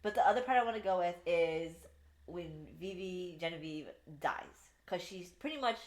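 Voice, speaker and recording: A young woman co-hosting a casual book review podcast, retelling scenes in an animated way, swearing freely and laughing at her favorite parts. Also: on the low side, normal speed. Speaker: podcast co-host. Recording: echoey room.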